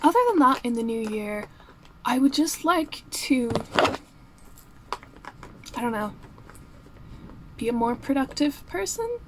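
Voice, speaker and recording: A woman's voice: high-pitched, expressive, measured pace, pauses often, very noisy. A woman chatting casually in a get-ready-with-me vlog, rambling and self-deprecating. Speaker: vlogger.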